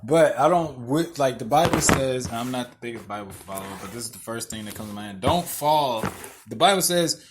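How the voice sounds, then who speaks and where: A man's voice: mid-range voice, lively intonation, a little fast, noisy background. A young adult man hosting a podcast, telling blunt, profane stories in a casual monologue and often laughing through them. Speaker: podcast host.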